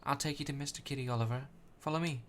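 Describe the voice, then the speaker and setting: A man doing a soft little fairy girl. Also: medium pitch, fast talker, slight background noise, natural voice. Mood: gentle.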